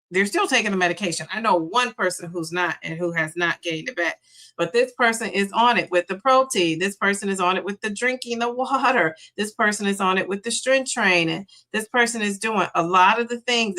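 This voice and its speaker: A middle-aged woman hosts a casual livestream, talking in a chatty, encouraging way as she reads out viewer comments and cheers people on. Her voice sounds bright and forward. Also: mid-range voice. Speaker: livestream host.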